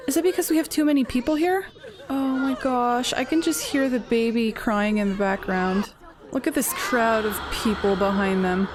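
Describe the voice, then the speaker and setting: A woman's voice: on the high side, moderate pace, a crowd in the background. A woman giving casual game commentary, reacting aloud with lots of exclamations as events unfold.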